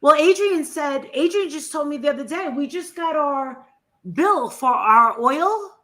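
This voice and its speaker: A woman with a New Jersey accent, co-hosting a casual chat, loud and blunt and swearing freely. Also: high-pitched, expressive, measured pace.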